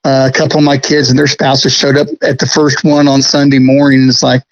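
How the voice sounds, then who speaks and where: A middle-aged man telling stories about restoring a prop in a casual interview, folksy and quick to laugh. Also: medium pitch, flat delivery, dry recording, muffled recording. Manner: chatty, folksy, laughs often.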